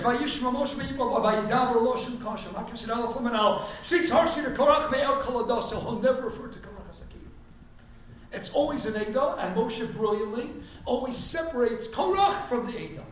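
Man, rabbi, emphatic sermon, very high voice, distant mic, dull lo-fi sound. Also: a little hiss or hum. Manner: animated, emphatic preaching, rising to near shouts. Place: synagogue hall. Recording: echoey hall from far off, dull sound.

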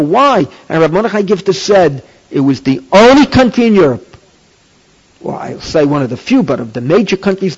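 Emphatic high-voiced man lecturing. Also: darkish tone. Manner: emphatic, repetitive, rising to questions. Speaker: rabbi teaching a class. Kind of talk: Torah lecture. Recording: dull lo-fi tape recording.

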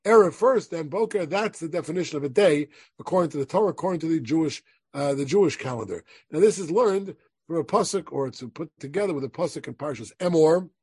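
Husky-voiced man teaching a Torah class. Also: fairly high pitch, a little mellow, no room sound. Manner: reads Hebrew verses aloud then explains them, checks in with "right?". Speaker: rabbi teaching a weekly class. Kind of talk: lecturing on Jewish law from source sheets.

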